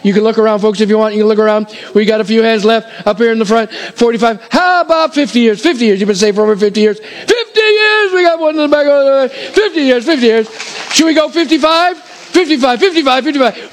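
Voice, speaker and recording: A middle-aged man preaching a sermon as pastor, calling out to his congregation in an animated way. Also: very high voice. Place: church hall before a congregation.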